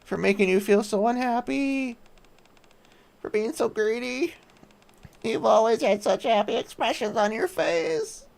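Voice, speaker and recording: A man voicing a cute, earnest young female chef in a game, reading her lines aloud in a high, teary voice. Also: lively intonation, measured pace, gravelly, darkish tone, full character voice. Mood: tearful. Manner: tearful, laughing through tears.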